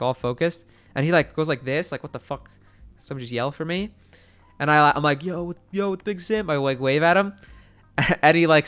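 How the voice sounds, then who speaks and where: A man's voice: fairly high pitch, clean tone. Rambling young man telling a story. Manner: rambling, swears freely, many fillers. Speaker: streamer. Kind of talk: casual storytelling chat.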